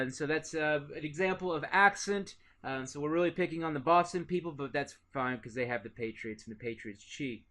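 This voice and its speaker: Guy from w/ doing a class lecture, kinda high voice, says uh a lot, laid back. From Indiana. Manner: relaxed, lots of "uh" fillers, conversational. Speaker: teacher.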